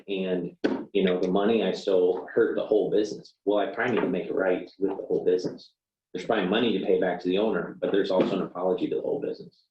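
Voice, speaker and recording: A man's voice: fairly low pitch, darkish tone, a little hiss or hum. A man teaching a classroom lesson, talking casually, acting out sample apologies with plenty of "you know"s. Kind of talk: classroom lecture. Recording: roomy, dull classroom recording from far off.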